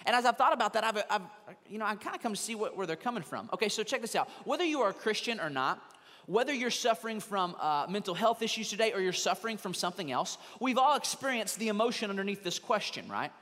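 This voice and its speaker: High-voiced male pastor in a reverberant sanctuary. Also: lively intonation, fast talker, pushed and bright. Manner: conversational, mimics people in quoted asides. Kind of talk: sermon. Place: church sanctuary, also streamed online.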